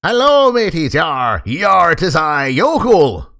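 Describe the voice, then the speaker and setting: A man's voice: fairly high pitch, wildly swooping pitch, slow pace, a bit bright, pitched above the performer's own voice, full character voice. A man voicing a boisterous male vampire pirate captain in a hammy pirate manner, calling out greetings. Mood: boastful. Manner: hammy pirate growl with "yar".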